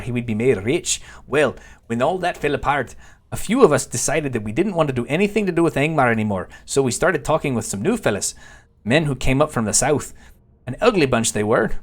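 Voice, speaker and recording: Guy doing a scottish accent for a worn out brigand, grumbly and fed up, bouncy pitch. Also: lightly acted. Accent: put-on Scottish. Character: weary male brigand, defeated and bitter.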